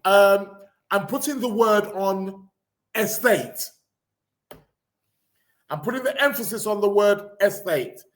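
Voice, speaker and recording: With a high voice at a moderate pace, an English podcast host rambles sarcastically through the news on a casual live show, using lots of fillers and frequent restarts.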